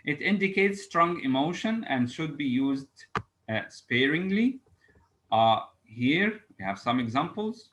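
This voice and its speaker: A man teaching an English grammar lesson, reading example sentences aloud slowly and pausing often with "uh". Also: mid-range voice, a bit bright, rough recording. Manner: halting, frequent "uh" fillers, reads examples aloud slowly.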